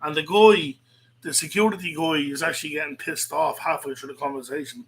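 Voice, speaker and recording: A man's voice: on the high side, steady tone, fairly quick, slightly rough, rough recording. An Irish man hosting, ranting angrily and swearing a lot, often repeating himself. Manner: angry, profane, repetitive. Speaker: host. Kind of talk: heated online rant.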